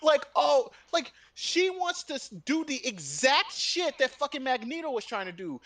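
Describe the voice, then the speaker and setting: Animated, high-voiced man ranting. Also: normal speed. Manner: animated, profane, acts out both sides of arguments. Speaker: gaming and art channel host. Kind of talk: casual storytelling rant.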